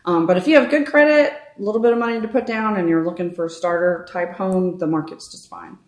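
Thirties woman, realtor guest, lowish voice, talkative, echoey room. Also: quick pace. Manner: chatty, animated storytelling with fillers. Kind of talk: conversational interview. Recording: roomy echo.

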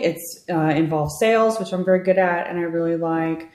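Thirties woman, realtor guest, lowish voice, talkative, echoey room. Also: moderate pace. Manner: chatty, animated storytelling with fillers. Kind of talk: conversational interview. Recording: roomy echo.

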